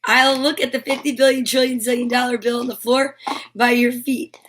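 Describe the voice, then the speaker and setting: A woman with a high, bright voice hosts a live stream and talks right to her viewers. Her manner is bubbly and animated, casual and eager. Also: moderate pace, a little hiss or hum. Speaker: host of a live storytime show.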